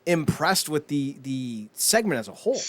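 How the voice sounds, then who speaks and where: A man co-hosting a podcast, excitable and mocking in casual chat. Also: on the high side. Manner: excitable, mocking, quick to laugh. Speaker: podcast co-host.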